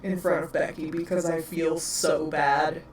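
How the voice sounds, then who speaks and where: Here the game master is a woman whose low-pitched voice moves little in pitch and never hurries. Her Wisconsin accent colors the casual tabletop chat as she laughs, giggles and speaks to her pets, recorded via a distant mic in an echoey room with faint noise.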